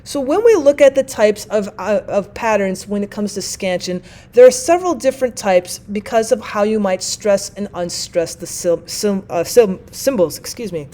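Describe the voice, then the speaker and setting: A woman's voice: mid-range voice, lively intonation, dark tone. A woman teaching a lesson in a methodical, explanatory way. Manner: methodical, reads examples slowly. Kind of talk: explanatory lecture.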